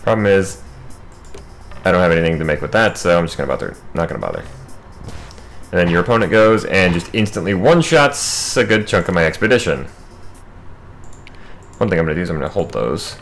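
Low-voiced man giving gameplay commentary. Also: animated, brisk, pauses often, fairly bright tone, faint music behind. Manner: wry, chatty running commentary. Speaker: gaming video host.

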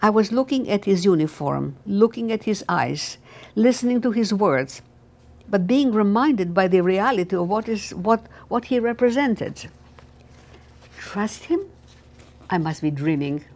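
Older woman reading her memoir, gravelly. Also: mid-range voice, animated, a little slow, a little mellow. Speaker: memoir author.

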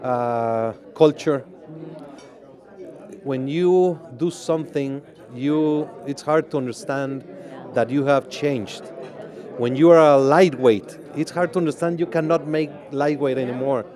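A man with a Mexican Spanish accent, giving measured interview answers at an outdoor press event. He talks in a deliberate, halting way with many pauses. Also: medium pitch, darkish tone. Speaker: boxing organization president.

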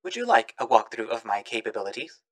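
A man voicing a calm, formal robotic AI assistant with flat, polite machine phrasing. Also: medium pitch, quick pace, natural voice.

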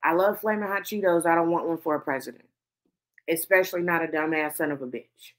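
A woman's voice: low-pitched, brisk. A woman hosting a commentary show, ranting heatedly and swearing emphatically. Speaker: host.

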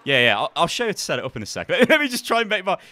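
Man, casual gamer, bright and animated, laughs a lot and talks through his plays. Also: high-pitched, very fast, no room sound. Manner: chuckling, muttering his moves aloud. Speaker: gamer playing against a friend. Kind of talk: casual gameplay chat.

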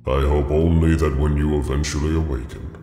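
A man voicing a godlike being who speaks in a slow, grave, measured way. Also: a bass voice, little pitch movement, dark tone, reverberant, in a large hall, faint music behind. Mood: gentle, fatherly. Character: commanding deity, calm and fatherly, male.

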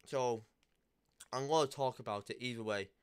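A man's voice: mid-range voice, moderate pace, smooth. A young man, talking straight to camera in a heated, blunt rant full of swearing and repeated phrases. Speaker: vlogger. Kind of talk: angry confessional rant to camera.

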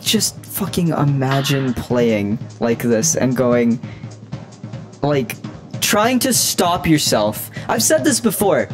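A young adult game streamer giving casual live commentary, laughing often and swearing freely in a teasing way. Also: mid-range voice. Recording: game music behind the voice.

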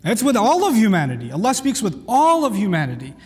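A man's voice: high-pitched, huge pitch swings, fast, big-room sound. A man teaching a lecture on the Quran, speaking emphatically and reciting Arabic verses.

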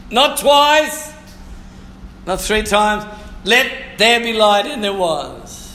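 A man preaching with a high, very bright voice that rings in an echoey church room. He speaks slowly and fervently, repeats his phrases and now and then shouts or sings a line. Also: slight background noise. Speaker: pastor. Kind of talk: sermon.

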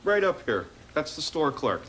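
A man's voice: on the high side, sing-song, moderate pace, a bit bright. Male guest coaching his dog on stage. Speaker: talk show guest with a dog trick. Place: television studio stage. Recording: TV studio with audience noise.

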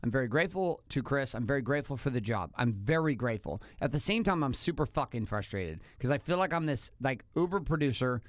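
A man co-hosting a relationship podcast, telling a story in a blunt, animated way and swearing casually. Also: mid-range voice, fast, few pauses, no room sound, clean studio sound. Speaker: podcast co-host.

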